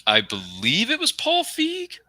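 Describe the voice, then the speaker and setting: A man's voice: very high-pitched, wildly swooping pitch, unhurried, sharp tone, dry recording. A man competing in an online trivia quiz, giving answers and muttering comments about the films. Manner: muttering, self-critical asides. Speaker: trivia contestant. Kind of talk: casual chat.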